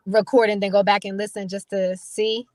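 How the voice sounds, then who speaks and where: A woman's voice: mid-range voice, flat delivery, moderate pace, no room sound, studio quality. A woman audiobook narrator in a casual panel chat, chatty and full of fillers as she asks questions.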